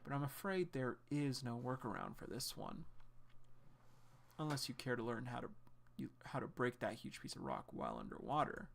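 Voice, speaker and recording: A stern female combat trainer, read by a man with a gravelly voice. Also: medium pitch, big pitch swings, moderate pace. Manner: blunt, commanding, read aloud from a comic.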